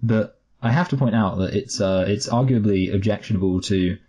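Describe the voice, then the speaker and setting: With a lowish, mellow voice that has a breathy edge, this man talks at a normal pace as he co-hosts a podcast. He chats casually about a film, wandering wryly and restarting many times.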